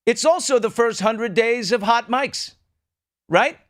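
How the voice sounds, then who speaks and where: A man's voice: extremely high pitch, slow. A middle-aged man hosting a talk show, riffing sardonically in casual political commentary.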